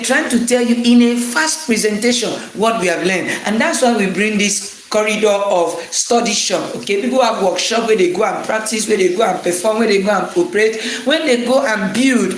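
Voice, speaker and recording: A man's voice: high voice, fairly bright tone, echoey room, slight background noise. A man teaching anatomy in a motivational lecture, driving his points home with rhythmic, preacher-like repetition.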